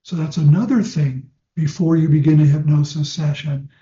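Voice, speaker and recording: An older man gives a relaxed, anecdotal lecture on hypnosis to his trainees, his voice soft and mellow with a slightly raised pitch. The recording is dull and lo-fi, echoing around a roomy hall. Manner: conversational, anecdotal, slows for demonstration suggestions. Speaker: clinical hypnosis teacher.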